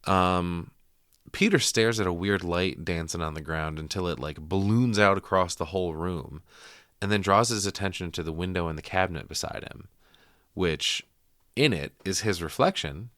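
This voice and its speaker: A low-voiced man hosts a casual podcast, walking through a film in a loose, profanity-laced recap. His tone is bright and forward, and the sound is dry and close. He leans on fillers as he talks. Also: moderate pace, dry recording. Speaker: podcast host.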